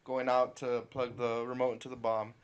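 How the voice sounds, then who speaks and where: A man's voice: medium pitch, monotone, moderate pace, clean tone, muffled recording. A man co-hosting a podcast, earnestly retelling a movie scene in casual chat. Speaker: podcast co-host.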